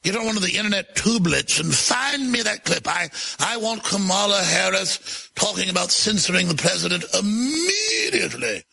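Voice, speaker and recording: A pompous, posh British gentleman with a put-on accent, as a man hams him up. The voice is gravelly and swings between high and low. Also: very animated, normal speed, exaggerated voice. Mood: mocking.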